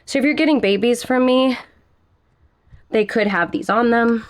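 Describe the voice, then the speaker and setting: A woman's voice: on the high side, normal speed. A young woman chatting casually in a plant care vlog, a little out of breath and giggling now and then. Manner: chatty, giggly, talks softly to her plants. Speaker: plant vlogger.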